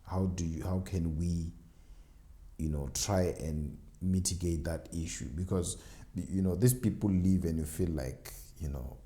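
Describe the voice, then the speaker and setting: A man's voice: sits low, measured pace, dark tone. A man hosting a podcast interview, attentive and asking thoughtful questions. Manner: attentive, frequent brief affirmations. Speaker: podcast host. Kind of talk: conversational interview.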